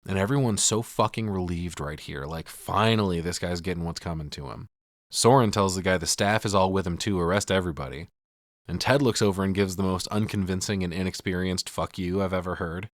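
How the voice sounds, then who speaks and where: A man with a fairly low voice recaps a film on a podcast, swearing freely and voicing each character's lines himself. His voice is recorded dry and close to the mic. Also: fairly quick, no echo. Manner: profane, retells scenes acting out lines. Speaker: podcast host. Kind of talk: casual film recap with acted quotes.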